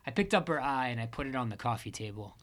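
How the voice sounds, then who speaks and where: A man reads a first-person story aloud with a wry, deadpan delivery. His voice is bright and forceful, at a middle pitch. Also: fast talker. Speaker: audiobook narrator. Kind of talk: first-person audiobook narration.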